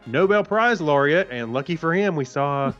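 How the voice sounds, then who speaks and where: A man's voice: on the high side, lively intonation, moderate pace, a bit bright, soft background music. Man co-hosting a podcast, slightly dull sound. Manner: dry puns, stumbles over names. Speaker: podcast co-host. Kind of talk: casual chat reading this-day-in-history.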